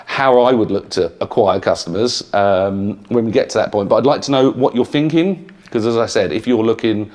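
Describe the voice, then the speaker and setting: A man's voice: lowish voice, normal speed, hardly any pauses, darkish tone. Middle-aged British man lecturing, frank and chatty. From United Kingdom. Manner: conversational, frank, with frequent "yeah?" check-ins. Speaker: entrepreneur giving a talk. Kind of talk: lecture to students. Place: university lecture room.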